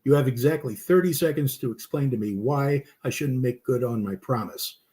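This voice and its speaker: A gruff, hostile gunman, as a storyteller puts him on, curt and threatening with every word. The voice stays close to the storyteller's own in a spoken story. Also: medium pitch, moderate pace, warm tone, natural voice. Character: gruff, hostile armed man.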